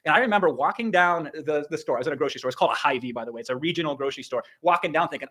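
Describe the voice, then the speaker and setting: Middle-aged man from Iowa, online business coach on a livestream; rapid, emphatic, slightly high-pitched delivery. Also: fairly bright tone. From Iowa, USA. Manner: emphatic, punchy, drops profanity and sound effects. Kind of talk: energetic motivational livestream talk.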